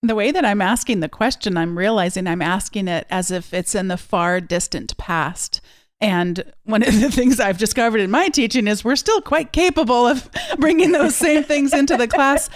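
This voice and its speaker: A woman's voice: a little high, normal speed, no echo, clean studio sound. A woman hosting a podcast, speaking reflectively and laughing lightly through her points. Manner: reflective, laughs between words. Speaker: podcast host. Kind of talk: interview conversation.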